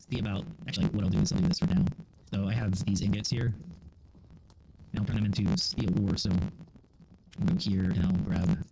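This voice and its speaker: A man's voice: fairly low pitch, vocal fry, warm tone, slight background noise, rough recording. A middle-aged man chatting casually as a gaming channel host, musing and opinionated, often restarting his sentences. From United States. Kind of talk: casual chat over gameplay.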